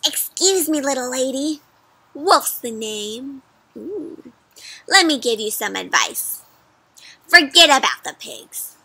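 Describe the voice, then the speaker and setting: A woman's voice: high-pitched, animated, slow, vocal fry, sharp tone, slightly rough, full character voice. A woman reading aloud and voicing a sly, hungry male wolf who wheedles and gives advice.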